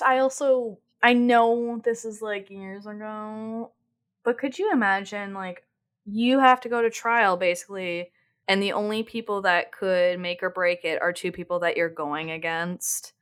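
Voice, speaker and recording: A woman guest on a podcast, chatting casually with animated, indignant reactions and jokes. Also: mid-range voice, a little slow. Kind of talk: casual chat.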